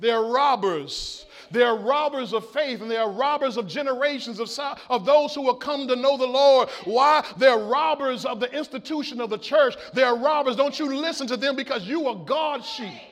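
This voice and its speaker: A man's voice: very high voice, fairly bright tone. A male pastor preaching a sermon, reading scripture and asking the congregation to fill in words. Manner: call-and-response preaching, drawn-out scripture quotes.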